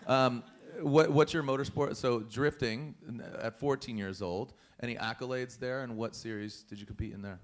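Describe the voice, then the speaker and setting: A man's voice: medium pitch, normal speed, few pauses. A man hosting a live motorsport press conference, joking and teasing the young drivers with lots of laughs. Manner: teasing, playful, laughs often.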